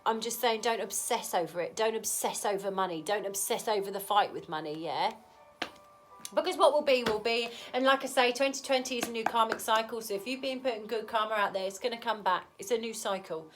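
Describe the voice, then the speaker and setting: Frank, chatty woman with a cold, reading tarot over soft background music. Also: a little high, a little fast. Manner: chatty, frank, keeps asking "okay?". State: has a cold. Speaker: tarot reader. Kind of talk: casual tarot reading to camera.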